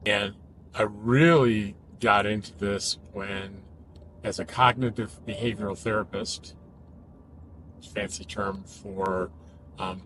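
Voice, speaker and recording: A man who works as a cognitive behavioral therapist, talking casually and explaining ideas in a thoughtful, measured way with emphatic rises. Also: fairly low pitch, background noise.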